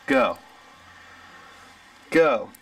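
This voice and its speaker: A man's voice: medium pitch, animated, very slow, far from the mic, heavy background noise. A man leaving a casual, hesitant, joking birthday message.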